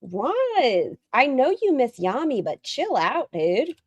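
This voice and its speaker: A woman's voice: high-pitched, slow pace, husky, no room sound. A woman hosting a casual livestream, reacting animatedly, swearing freely and often laughing. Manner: animated, profane, frequently breaks into laughter. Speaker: livestream host.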